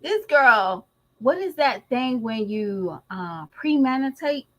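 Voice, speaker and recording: A woman's voice: fairly high pitch, sing-song, slow pace, fairly bright tone, rough recording. A woman vlogger giving casual gossip commentary, slangy and emphatic, who laughs often as she talks.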